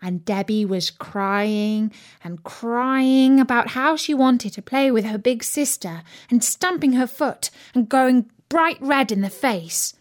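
A woman reading a children's story aloud in an expressive, gently dramatic way. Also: fairly high pitch, slow pace, few pauses.

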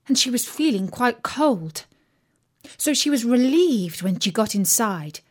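A woman reading a children's story aloud in an expressive, gently dramatic way. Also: a little high.

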